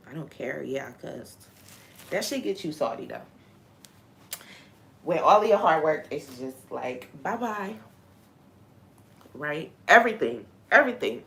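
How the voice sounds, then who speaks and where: A woman's voice: deep voice, gravelly, slight background noise. A woman hosting a faith talk on a live stream, venting frankly and swearing freely.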